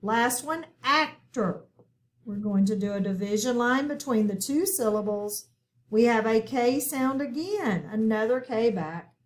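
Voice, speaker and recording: A woman's voice: a little high, lively intonation, unhurried, darkish tone. A woman teaching a recorded phonics lesson, patient and checking in often with her listeners.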